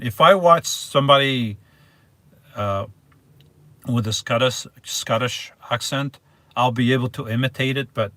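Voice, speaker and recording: A man's voice: mid-range voice, sharp tone, dry recording. Rambling man hosting a live stream. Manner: rambling and hesitant, restarts words, reads viewer names aloud. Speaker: live-stream host reading viewer chat. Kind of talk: casual live-stream chat.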